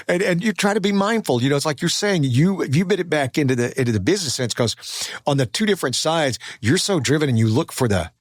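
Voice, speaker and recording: A man's voice: a little high, expressive, fast, no echo, studio quality. A man hosting a podcast, telling stories in a casual, self-deprecating way and acting out the voices of people he quotes. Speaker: podcast host. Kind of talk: casual conversational storytelling.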